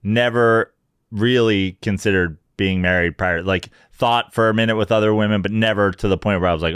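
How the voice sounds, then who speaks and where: A man's voice: fairly low pitch, a little fast, a bit bright, clear, resonant tone, no room sound, clean studio sound. A man in his forties, a podcast producer and co-host, talking candidly in easygoing casual chat. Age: 40s. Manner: easygoing, laughs along, candid.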